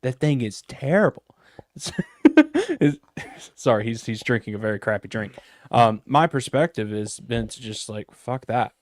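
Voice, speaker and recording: A man of mid-range pitch rambles loosely, swearing casually as he chats on a live stream. His voice is close and dry, with no room sound. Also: normal speed, dry recording. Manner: rambling, profane, laid-back. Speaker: podcast co-host.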